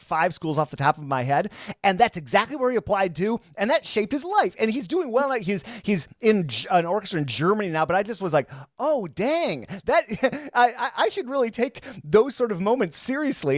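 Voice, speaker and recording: A man interviewing a guest, an enthusiastic bass teacher who repeats words as he thinks aloud. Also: dry recording, studio quality. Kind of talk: casual interview conversation.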